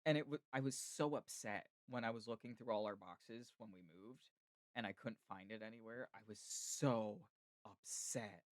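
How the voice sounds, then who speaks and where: Male podcast host, casual chatty storyteller, middle pitch, dry close sound. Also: brisk, no echo. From United States. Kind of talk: casual chat.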